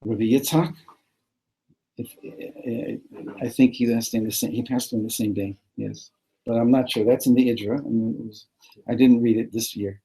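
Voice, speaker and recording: A man's voice: medium pitch, fairly even intonation, moderate pace, mellow, rough recording. A man teaching a text class as a rabbi, reading lines aloud and translating them phrase by phrase, often restarting and repeating words. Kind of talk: text study lesson. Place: study hall.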